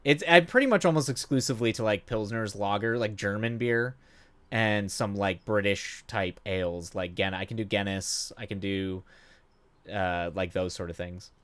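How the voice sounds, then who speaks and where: A man's voice: on the low side, moderate pace, fairly bright tone. A man in his thirties chatting casually with his viewers while gaming at home at night, rambling and self-deprecating, with lots of fillers and idle humming. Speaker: livestream gamer.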